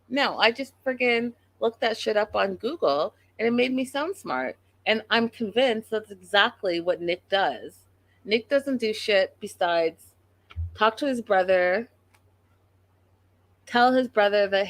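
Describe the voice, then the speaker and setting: A woman's voice: mid-range voice, lively intonation, unhurried, dry recording. A woman hosting a live-stream reality show recap, talking in a blunt, sassy, mocking way.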